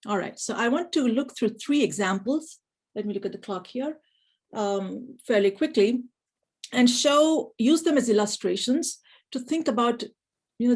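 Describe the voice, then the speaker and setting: Woman lecturer, husky voice, measured academic talk with fillers. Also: mid-range voice, a little mellow, rough recording. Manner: thoughtful, with frequent "you know" fillers. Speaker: speaker giving an academic lecture.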